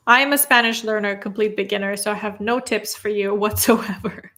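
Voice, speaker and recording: A woman's voice: mid-range voice, fairly even intonation, moderate pace, few pauses, fairly bright tone. A young woman speaking English as a second language, casually answering viewer questions on a livestream, chatty and laughing often. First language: non-native English speaker. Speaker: content creator answering live chat questions.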